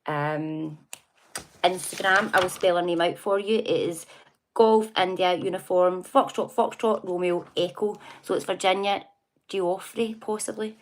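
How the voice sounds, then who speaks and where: A middle-aged woman with a Scottish accent talks through the news on a relaxed livestream. Her voice sits a little low, and she chats in a gossipy way, laughing often and reacting to viewer comments as she goes. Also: measured pace, slight background noise. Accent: Scottish (Glasgow area). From Scotland. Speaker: livestream host. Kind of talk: casual livestream chat reading news and comments.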